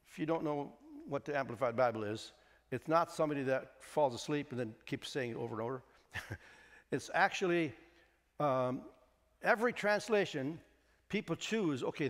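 An older man preaching a sermon as pastor, reading scripture slowly and emphatically with light jokes in between. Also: a little high, long reverb tail. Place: church sanctuary.

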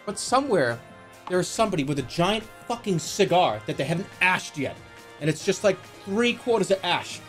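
Animated man streaming with silly voices. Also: high voice, moderate pace, faint music behind. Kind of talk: live-stream commentary.

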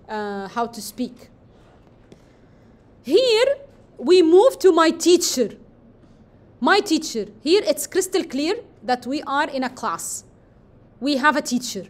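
Woman, poetry lesson, high voice, explains step by step, repeats phrases, many fillers. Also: a little mellow. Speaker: teacher.

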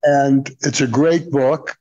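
A male psychoanalyst guest answering questions in a slow, halting, thoughtful way. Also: medium pitch, fairly even intonation, darkish tone, dull audio. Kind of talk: casual conversation.

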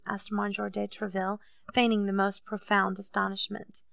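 Brief: female audiobook narrator, slight vocal fry, dry close recording. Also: mid-range voice, completely flat delivery, normal speed, fairly bright tone, dry recording.

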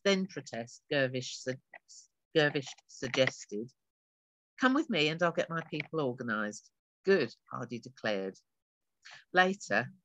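An author reads a passage of her own science fiction aloud, shifting her voice a little for each character. The sound is bright and forward. The recording is dry and close, with no room echo. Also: mid-range voice. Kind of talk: reading a novel extract aloud.

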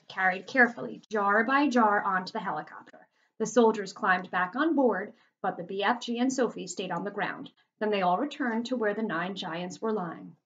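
A woman's voice: medium pitch, fairly bright tone, highs cut off. A woman teacher reading a children's novel aloud to her class, adding chatty asides and explaining words.

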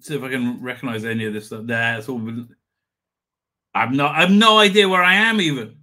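A man's voice: medium pitch, brisk, sharp tone. A middle-aged man hosting a live stream, rambling casually, swearing and chuckling as he reads comments. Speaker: livestream host.

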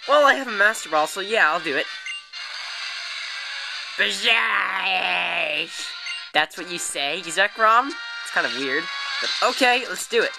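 A man narrating his video game playthrough as a let's play host, excitable and quick to gasp and exclaim at what happens on screen. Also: high-pitched, gravelly. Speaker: gaming channel host.

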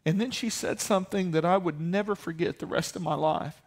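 Male pastor, high-pitched, storytelling sermon that rises to forceful preaching. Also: brisk. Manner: storytelling, building to loud emphatic preaching.

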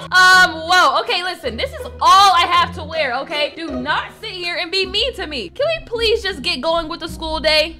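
High-voiced woman narrating a game role-play. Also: expressive, normal speed, hardly any pauses, bright, forceful tone. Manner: chatty, dramatic, indignant. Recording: voice over background music.

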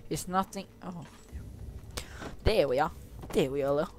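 A man's voice: a little high, normal speed, long pauses. A young man commentating a horror game, taunting the monsters, swearing and yelping when scared, then whispering while he sneaks. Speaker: gameplay commentator. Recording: noisy home mic recording.

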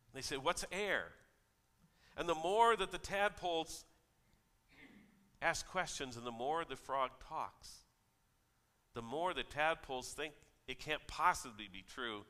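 A man's voice: a little high, lively intonation, measured pace, bright, forceful tone. A man preaching a sermon as pastor, conversational and telling stories with quoted voices. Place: church. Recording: church hall reverb.

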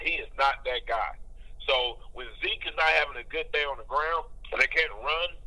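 A man's voice: a little high, pushed and bright, rough recording. Blunt trash-talking sports radio man. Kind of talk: casual sports talk.

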